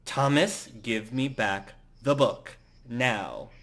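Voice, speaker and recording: A man voicing a stern, irritable young female mage in a tabletop role-play, talking in a sharp, clipped, demanding way. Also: mid-range voice, slow. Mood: annoyed.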